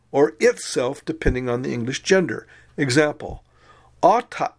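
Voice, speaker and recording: A man teaching a recorded Greek grammar lesson, methodically reciting and explaining word forms. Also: on the high side.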